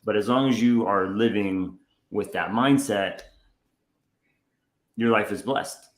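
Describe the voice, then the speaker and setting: A young man co-hosting a casual chat, telling a story with lively acted-out quotes. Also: takes it slowly, reverberant. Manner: animated storyteller who acts out quotes with a jumpy pitch. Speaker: podcast co-host.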